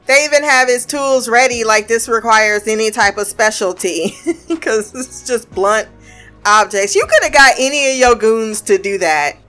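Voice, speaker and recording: A woman's voice: a little high, expressive, moderate pace, sharp tone, faint music behind. A woman giving a casual, blunt and sarcastic review of a TV show, swearing freely as she recaps the episode.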